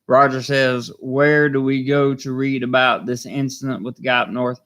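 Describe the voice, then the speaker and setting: A man's voice: mid-range voice, steady tone, moderate pace, a bit bright. A man with a Southern American accent chatting casually on a live stream, reading viewer comments and rambling with many fillers. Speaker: vlogger hosting a live stream.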